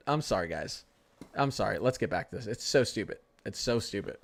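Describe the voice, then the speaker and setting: A man's voice: lowish voice, expressive, brisk. A young man hosts a casual live weather stream from his desk mic. He rambles, answers his chat, and slides into heated rants. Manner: rambling, ranting, talks to chat. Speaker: weather livestream host.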